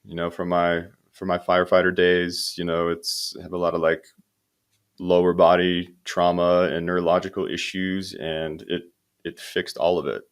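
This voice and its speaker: A man's voice: sits low, little pitch movement, normal speed, smooth. A young adult man talking as a podcast guest, telling a long story in a meandering way, with many fillers and restarts. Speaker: podcast guest, hemp company founder. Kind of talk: relaxed interview talk.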